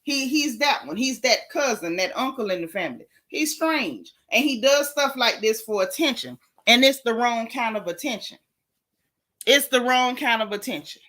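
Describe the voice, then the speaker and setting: Southern woman, gossip livestream host, sassy and emphatic, bright forceful voice. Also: on the high side, animated, moderate pace. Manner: sassy, emphatic, repeats lines for effect. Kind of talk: casual livestream gossip commentary.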